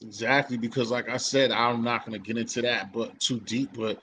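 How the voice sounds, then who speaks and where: A man's voice: mid-range voice, normal speed, a little hiss or hum, poor audio. A man from hosting a casual chat, rambling in street slang with many restarts. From Boston. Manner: rambling, restarts, animated quoting. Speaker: podcast host.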